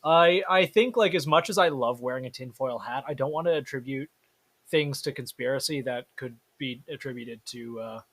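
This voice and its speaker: A man's voice: medium pitch, normal speed, fairly bright tone. A young man co-hosting a podcast in casual chat, agreeable and hesitant, often trailing off with "I don't know.". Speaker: podcast co-host.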